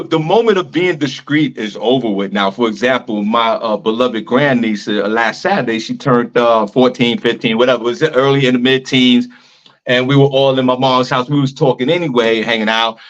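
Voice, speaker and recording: A man's voice: medium pitch, animated, brisk, fairly bright tone. A middle-aged man, a radio show host, telling loose stories and laughing easily in a casual comedic chat. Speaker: morning show host, guest. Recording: dull lo-fi sound.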